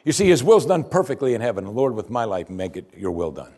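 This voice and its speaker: A man preaching a sermon, asking the listeners one question after another and dropping his voice low and soft at key points. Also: very animated, fairly quick, husky. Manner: emphatic preaching with rhetorical questions and sudden drops to quiet. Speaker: pastor.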